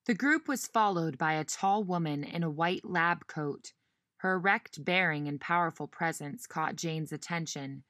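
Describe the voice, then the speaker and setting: A woman narrating a novel in measured storytelling style, giving each character a voice. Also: sits low, a bit bright, no room sound, studio quality. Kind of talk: audiobook narration.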